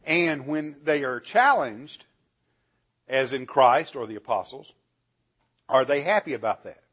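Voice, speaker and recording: A man with a fairly high, breathy-edged voice teaches a Bible class, animated and chuckling often as he asks the class questions. The recording is dull and lo-fi.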